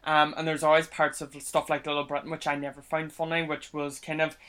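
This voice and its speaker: A man's voice: a little high, completely flat delivery, fairly quick, a bit bright, clear, resonant tone. Brash, camp young man co-hosting. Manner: brash, swearing, camp and playful. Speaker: podcast co-host. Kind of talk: casual crude banter. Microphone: handheld microphone.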